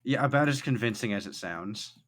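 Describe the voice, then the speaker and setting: A man's voice: medium pitch, lively intonation, brisk, a bit bright. A man narrating as game master in a tabletop game, often laughing and restarting his sentences.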